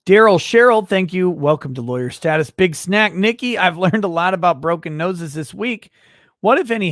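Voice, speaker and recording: A man's voice: on the high side, a bit bright, no room sound, studio quality. A man hosting a casual livestream, reading viewer messages aloud in a blunt, emphatic way. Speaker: livestream host.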